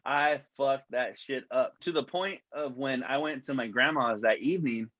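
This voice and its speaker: A man co-hosting a casual podcast, rambling through a story and swearing constantly. His voice sits at an ordinary middle pitch. The sound is dry and dull, with a lo-fi edge. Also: normal speed, a bit bright, no room sound. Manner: profane, rambling storyteller, says "dog" a lot. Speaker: podcast co-host. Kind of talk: casual chat.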